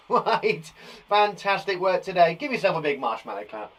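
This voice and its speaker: Upbeat playful male teacher, lively pitch. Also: moderate pace. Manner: upbeat and playful, sings and jokes. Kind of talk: online phonics lesson for young children.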